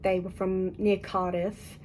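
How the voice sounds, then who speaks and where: Mellow-voiced Australian woman chatting casually. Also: mid-range voice, little pitch movement, takes it slowly, slight background noise, rough recording. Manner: chatty, giggly, many ums and likes. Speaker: book vlogger. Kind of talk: casual vlog chat. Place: hotel room.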